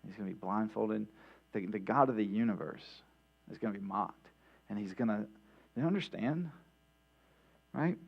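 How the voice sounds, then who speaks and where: In a dull, lo-fi church recording marked by mains hum, a pastor gives a midweek sermon. His low voice is gravelly with a breathy edge, moving at normal speed and pausing often, while he talks conversationally, restarting and adding "right?" asides.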